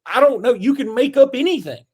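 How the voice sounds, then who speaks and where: A man's voice: extremely high pitch, animated, a little fast, darkish tone. A man co-hosting a sports podcast, joking loosely and rambling with fillers, then reading sponsor ads in the same easy way. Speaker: podcast co-host. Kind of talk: casual sports talk with ad reads.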